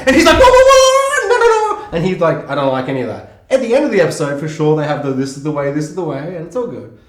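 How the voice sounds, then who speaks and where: A man co-hosting a podcast in casual chat, excitable and swearing freely as he acts out lines. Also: fairly high pitch. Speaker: podcast co-host. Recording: echoey room.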